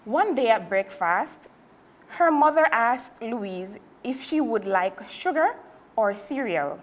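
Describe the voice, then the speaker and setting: Woman, children's story reading, slow pace, animated, high-ish. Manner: slow and expressive. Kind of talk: reading a picture book to children.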